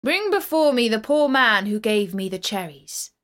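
A woman voicing a stately, generous medieval king with formal, measured speech. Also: fairly high pitch, very animated, fairly bright tone. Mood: gracious.

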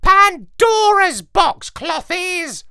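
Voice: extremely high pitch, very animated, drawn-out words, vocal fry, bright, forceful tone, no echo, clean studio sound, pitched above the performer's own voice, exaggerated voice. A storyteller voicing a clever, grumpy male parrot officer who squawks shrilly and scornfully, in a storybook reading. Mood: lecturing. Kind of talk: storybook narration.

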